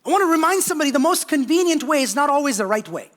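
Young male pastor, very high voice, preaching and calling out to his congregation in church. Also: very animated, very fast, fairly bright tone. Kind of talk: sermon. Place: church sanctuary.

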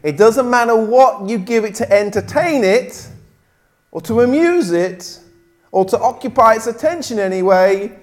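Animated preacher man telling stories. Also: high voice, measured pace. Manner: animated storyteller, acts out characters. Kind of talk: sermon with a told joke.

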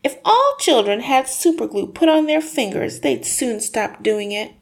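A bossy storybook mother, nagging in a high, clipped voice, as a woman reads her part. She sounds sure of herself and quick to blame. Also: expressive, gravelly, full character voice. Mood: scolding. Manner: bossy and scolding. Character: scolding, sharp-tongued mother.

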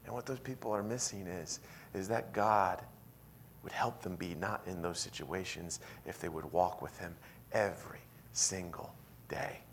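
A man pastor preaching a sermon in a church, telling a story with animated swings from hushed, intimate lines to loud, emphatic ones. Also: deep voice, a little slow, slight background noise.

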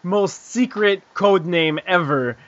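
A loose, joking man hosting a podcast, going through news between crude jokes, with a voice a bit higher than most men's. His delivery is full of fillers and small laughs. The sound is dry and slightly dull. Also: takes it slowly, a bit bright, dry recording. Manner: joking, loose, with frequent "uh" and "um" and giggles. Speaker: podcast host. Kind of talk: casual chat with news reading.

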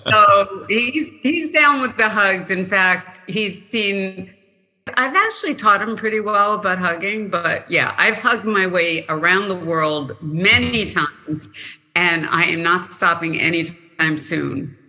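Female interview guest, mid pitch, very bright voice, upbeat and playful, long reverb. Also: slow pace. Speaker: podcast guest. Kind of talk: casual interview talk.

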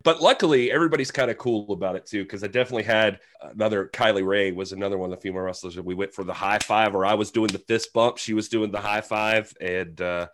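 Low-voiced man telling rambling stories. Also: quick pace, hardly any pauses. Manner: rambling, self-deprecating, acts out quotes. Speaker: guest. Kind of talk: casual storytelling chat.

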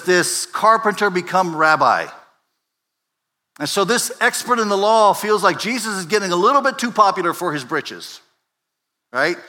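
A man preaching a sermon as pastor, conversational and animated, swinging from loud emphasis to quiet asides and often asking "right?". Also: mid-range voice. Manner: conversational, repeats words and asks "right?".

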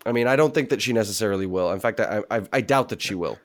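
A man's voice: on the low side, fast talker. A man on a casual panel discussion, giving emphatic, opinionated takes.

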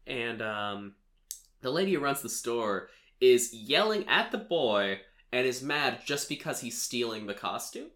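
Bright-voiced man rambling casually. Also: medium pitch, very animated, unhurried. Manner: chatty, rambling, full of filler "like"s and laughs. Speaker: podcast host recapping a film. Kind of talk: casual chat.

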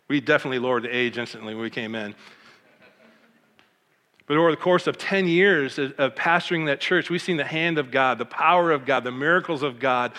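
A man's voice: on the high side, big-room sound. A middle-aged man from Michigan, a pastor, telling his life story with emotion and acting out the voices of the people in it. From Michigan, USA. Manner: animated, emotional, acts out quoted voices. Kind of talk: personal testimony storytelling.

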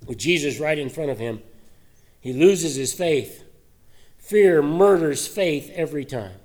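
A man's voice: fairly high pitch, lively intonation, a little slow, darkish tone. A male pastor giving a sermon in a conversational way, asking many rhetorical questions.

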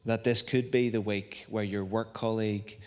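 A man's voice: fairly low pitch, level tone, normal speed. A young adult man with a Northern Irish accent preaching a sermon in a chatty, self-deprecating way, full of tag questions. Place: church hall. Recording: long reverb of a church hall.

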